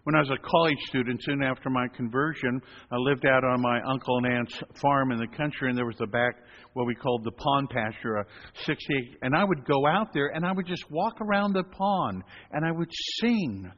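A man preaching as a priest, telling stories at an unhurried pace with gentle humor. His voice is mid-pitched and carries a long echo from a large hall. The recording sounds dull and lo-fi. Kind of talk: sermon.

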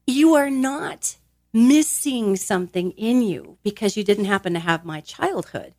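On a podcast, a woman who grew up in a large Italian family gives an upbeat, emphatic motivational talk at normal speed. She's animated, acting out little quoted voices with a swinging, expressive pitch, and the studio sound is clean with no echo.

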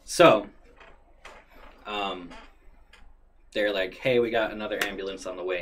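A man casually retelling a story in a profane, animated way. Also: fairly low pitch, unhurried, long pauses, slight background noise. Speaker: storyteller guest.

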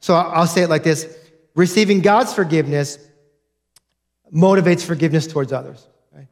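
A man's voice: a little high, brisk. A man preaching a sermon as a pastor, earnest and direct, repeating key points to his congregation.

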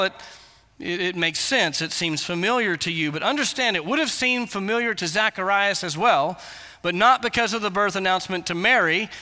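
Bright-voiced male pastor preaching. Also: sits high, big-room sound. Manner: earnest, explanatory, emphatic repetitions. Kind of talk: sermon.

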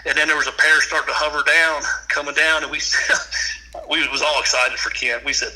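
A man's voice: a little high, little pitch movement, fairly quick, bright, forceful tone, rough recording. A man telling hunting stories in a casual, folksy way with rural grammar, often laughing. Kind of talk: casual storytelling.

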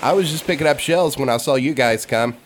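A man voicing a curious, friendly small boy in a high, bouncy voice, during a tabletop game. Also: brisk, a little hiss or hum, lightly acted. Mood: chirpy.

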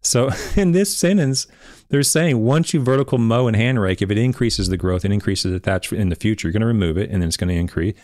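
A man's voice: fairly low pitch, brisk, darkish tone, no echo, studio quality. A man hosting a podcast, reading a research paper aloud and critiquing it with insistent emphasis and bursts of giggling. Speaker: podcast host reviewing turf research.

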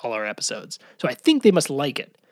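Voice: medium pitch, huge pitch swings, quick pace, dry recording, studio quality. A podcast co-host in casual chat, talking chattily and laughing often.

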